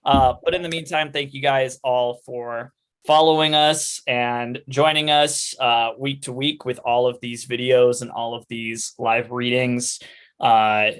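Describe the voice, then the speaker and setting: A man's voice: mid-range voice, level tone, measured pace, smooth. A man hosting an online livestream, thanking the cast in a rambling, casual way over a video call. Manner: rambling, with fillers and restarts, warm thanks. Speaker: host and organizer of online live readings. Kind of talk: casual wrap-up chat on a livestream.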